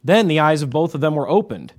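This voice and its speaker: A man's voice: on the high side, big pitch swings, brisk. A man preaching a sermon as pastor, emphatic and repeating his key points.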